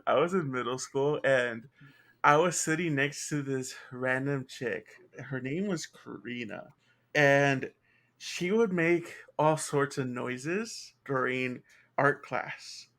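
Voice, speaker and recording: A young man and podcast co-host telling a story from school in casual chat, laughing often. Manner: slow, laughs a lot, lively pitch.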